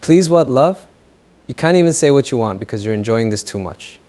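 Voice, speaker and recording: A man voicing a possessive, menacing young lover who taunts slowly in an audio fan fiction story. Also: medium pitch, animated, warm tone, lightly acted. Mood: taunting. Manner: slow, taunting, mocking.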